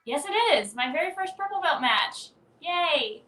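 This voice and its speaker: A woman's voice: sits high, normal speed. Chatty woman heard from across a roomy space. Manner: chatty and animated, laughs easily. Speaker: competitor. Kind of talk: casual chat. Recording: echoey, distant mic with faint ambience.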